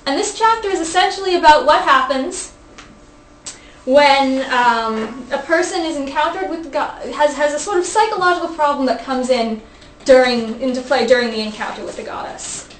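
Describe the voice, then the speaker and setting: A woman's voice: high-pitched, lively intonation, normal speed. A young woman hosting a casual study group, playful as she reads aloud from a book and stumbles over words. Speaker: host. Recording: echoey room, faint background hiss.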